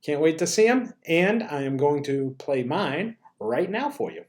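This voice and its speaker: A man's voice: fairly high pitch, sing-song, unhurried, rough recording. A man teaching an acting lesson to students on video, upbeat and playful as he coaches and performs a sample monologue.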